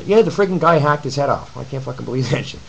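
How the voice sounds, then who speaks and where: A man's voice: medium pitch, expressive, fast, creaky, slightly rough, low-quality recording. Profane rambling man on camcorder. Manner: profane, blunt and rambling, addresses viewers as guys. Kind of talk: ranting webcam video reply. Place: his apartment. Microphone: camcorder mic.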